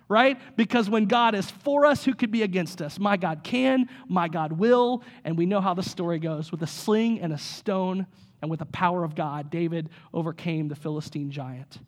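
A man in his thirties, a pastor, preaching a sermon in an energetic, conversational way with rhetorical questions. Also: high voice, moderate pace.

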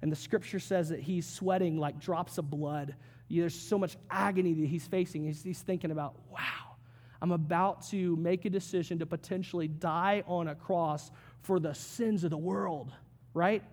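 A male pastor giving a conversational sermon, with joking asides and quick acted quotes. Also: a little high, steady tone, darkish tone.

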